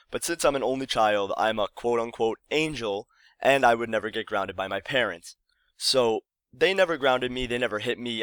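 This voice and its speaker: Rambling young man, lowish voice. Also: fairly bright tone, clean tone, dry recording. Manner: rambling and self-correcting. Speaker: vlogger. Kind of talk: casual storytelling to camera.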